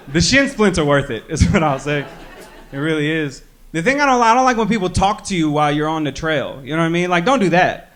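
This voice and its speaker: A young Midwestern comedian does a stand-up set on a comedy club stage before an audience, talking loosely and poking fun at himself with plenty of "you know." His voice is on the high side, with lively intonation, a fairly quick pace, and a fairly bright tone.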